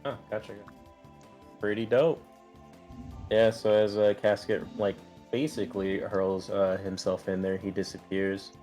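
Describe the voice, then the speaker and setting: A man's voice: lowish voice, level tone, unhurried, warm tone, soft background music. A young man acting as game master, narrating loosely with lots of filler words. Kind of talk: running a tabletop game over voice chat.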